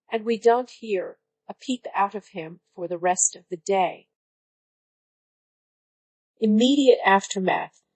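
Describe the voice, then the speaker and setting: A synthetic woman's voice reading a story aloud in a flat, even way, as narrator. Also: mid-range voice, no echo, rough recording.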